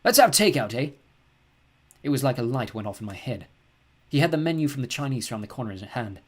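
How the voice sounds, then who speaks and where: A man narrating an audiobook in first person, calm and plain. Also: mid-range voice, quick pace. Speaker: audiobook reader.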